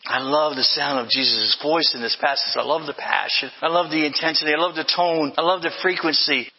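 A man's voice: on the high side, steady tone, a little fast, few pauses, breathy edge, long reverb tail, lo-fi sound. A man preaching a sermon as pastor, passionate and emphatic, often repeating his phrases.

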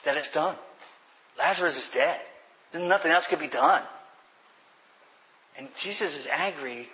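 A man preaching a sermon, explaining scripture earnestly, often restarting phrases and sinking to quiet emphasis. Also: fairly high pitch, a little slow, poor audio. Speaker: pastor.

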